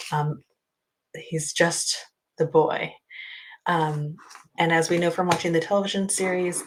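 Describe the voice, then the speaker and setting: Low-voiced woman chatting about books. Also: poor audio. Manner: chatty, rambling, many ums. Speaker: book channel host. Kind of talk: casual book discussion.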